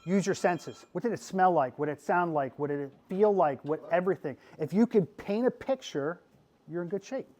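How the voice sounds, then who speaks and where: A middle-aged man from Pennsylvania gives a lively talk to a class of students. His voice sits a little high for a man, and he keeps it goofy and animated, checking in with "okay?" over and over. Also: normal speed. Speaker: podcast host giving a class talk.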